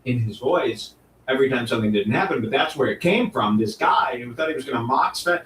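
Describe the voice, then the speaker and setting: Animated man telling a story, echoey room. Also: mid-range voice, quick pace. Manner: mocking, acts out others' lines. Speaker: streamer reacting to clips. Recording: echoey room, distant mic, faint noise.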